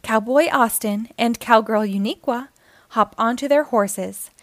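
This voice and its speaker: A woman reading a children's picture book aloud with an expressive storytelling manner. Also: fairly high pitch, measured pace, no echo.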